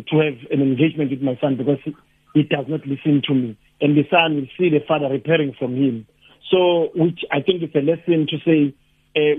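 A South African man, a lecturer and activist, talking haltingly with many restarts as a radio guest. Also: fairly high pitch, slightly rough. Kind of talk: radio phone-in discussion. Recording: tinny phone line.

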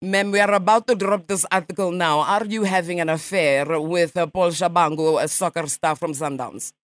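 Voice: mid-range voice, fairly even intonation, normal speed, fairly bright tone, no room sound, natural voice. A radio host putting on a pushy fake Russian gossip reporter. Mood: accusing. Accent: put-on Russian. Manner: brash, prying, mocking questions. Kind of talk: prank call.

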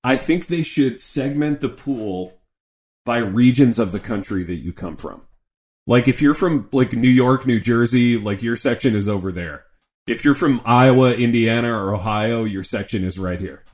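A middle-aged man co-hosting a podcast in casual chat, animated and joking, often saying "dude". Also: medium pitch, moderate pace. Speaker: podcast co-host.

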